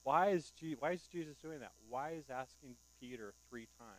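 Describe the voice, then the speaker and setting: A man's voice: medium pitch, moderate pace, low-quality recording. A male pastor giving a conversational sermon, often asking the congregation rhetorical questions. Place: church.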